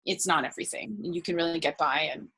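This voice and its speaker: A woman's voice: low voice, fast talker, bright, forceful tone, breathy edge. A young woman speaking as an interview guest in casual conversation, chatty and laughing often, acting out what other people say. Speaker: guest researcher.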